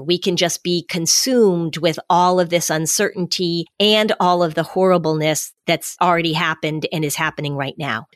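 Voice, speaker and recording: A woman speaking as an expert guest on a podcast, giving measured advice and repeating key phrases to explain them. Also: lowish voice, a bit bright, dry recording, clean studio sound.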